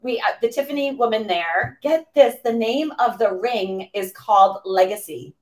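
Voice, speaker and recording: A woman in her forties from the Boston area, a coach telling stories as a podcast guest in a gushing, excitable way with lots of fillers. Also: a little high, normal speed. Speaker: interview guest, women's coach. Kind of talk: animated storytelling in a podcast interview.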